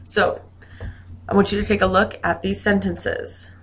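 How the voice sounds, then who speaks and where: A woman teacher talks through a recorded grammar lesson in a mid-pitched, everyday voice. Her delivery is friendly and explanatory, broken up by light joking asides. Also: level tone, unhurried.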